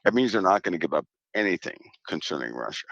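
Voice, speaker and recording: Super deep gravelly guy, guest on a show, hammers his points home, kinda muffled. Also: quick pace, dry recording. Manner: steady, emphatic, repeats key points. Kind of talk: casual talk on a show.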